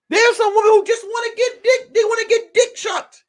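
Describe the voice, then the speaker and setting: A man hosting as a comedian, ranting in a casual, profane, animated way and circling back to repeat his points. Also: very high voice, moderate pace. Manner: animated, profane, repetitive storytelling. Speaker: comedian host. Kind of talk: casual live-stream rant.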